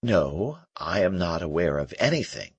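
A man voicing a gentle, melancholy young male prisoner in an audiobook, speaking earnestly and softly with a husky voice. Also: low-pitched, big pitch swings, unhurried, no echo, exaggerated voice. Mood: wistful. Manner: earnest, wistful and soft-spoken. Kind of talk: audiobook character reading.

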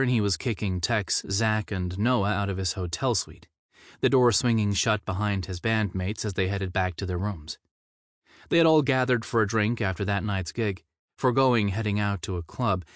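Low-voiced man narrating a novel. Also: dry recording, clean studio sound. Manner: steady, measured reading. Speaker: audiobook narrator. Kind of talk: scripted narration.

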